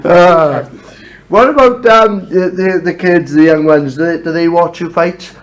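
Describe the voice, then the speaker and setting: A man interviewing a boxer in a relaxed, casual way, often pausing with ums. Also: a little high, poor audio.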